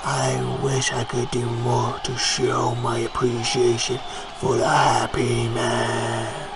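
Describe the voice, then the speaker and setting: A man doing a hushed, solemn devoted fan. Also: mid-range voice, flat delivery, slow, gravelly, loud music behind the voice. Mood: reverent. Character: devoted adult male fan, slow and reverent.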